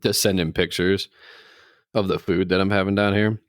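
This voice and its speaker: A man's voice: low-pitched, steady tone, normal speed, clear, resonant tone, dry recording, clean studio sound. A man co-hosting a podcast in casual chat, teasing and laughing often. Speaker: podcast co-host.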